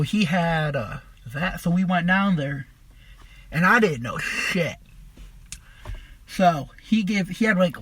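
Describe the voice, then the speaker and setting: A man with a high, bright, slightly husky voice tells a long personal story on his podcast. He rambles, swears freely and leans on fillers, and the sound is close and dry. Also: no echo. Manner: rambling, profane, with many fillers. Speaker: podcast host.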